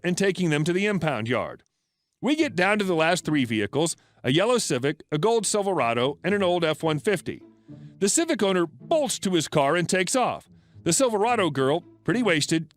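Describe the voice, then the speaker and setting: High-voiced man narrating a story. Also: a bit bright.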